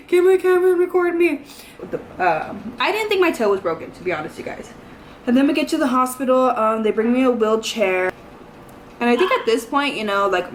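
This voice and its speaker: A woman's voice: mid-range voice, fairly bright tone. A young woman tells a story to her camera in a loose, rambling way. She keeps filling her sentences with "like" and "you know" as she goes. A faint hiss of noise sits under her voice. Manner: chatty, rambling, heavy use of "like" and "you know". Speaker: vlogger. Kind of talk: casual storytime vlog.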